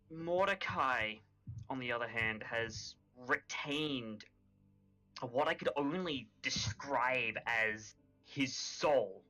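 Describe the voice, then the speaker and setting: A man playing his character at a tabletop game, explaining slowly and deliberately with stumbling restarts. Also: fairly low pitch, bright, forceful tone, poor audio. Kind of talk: in-character tabletop role-play.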